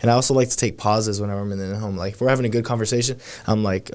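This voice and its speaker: A man's voice: fairly low pitch, fairly even intonation, darkish tone. A man speaking as a podcast guest in casual chat, full of you know and like as he talks. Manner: quick, filler-heavy, says you know and like often. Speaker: podcast guest, sales agent.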